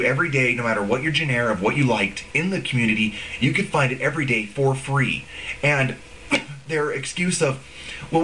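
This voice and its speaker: Sarcastic man ranting with lively pitch. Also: a little hiss or hum, low-quality recording. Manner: profane, rambling, sarcastic. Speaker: video blogger. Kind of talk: casual ranting vlog.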